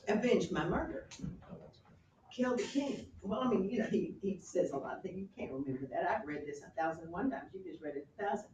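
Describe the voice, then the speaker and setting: A woman teacher lecturing her class, retelling a play with lively storytelling and acted-out quotes. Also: on the low side, quick pace, few pauses, noisy background. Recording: roomy classroom from a distance.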